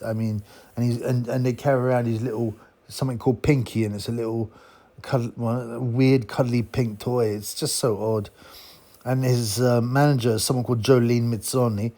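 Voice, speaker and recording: A man's voice: medium pitch, little pitch movement, normal speed, warm tone. A man giving a blunt, mocking, casual monologue as a boxing commentator. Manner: blunt, mocking, chuckling asides.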